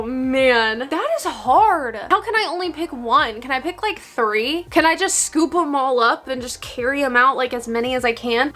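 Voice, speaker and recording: A woman's voice: on the high side, fairly bright tone. Bubbly young woman gushing about books. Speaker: book vlogger. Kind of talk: casual chat to camera.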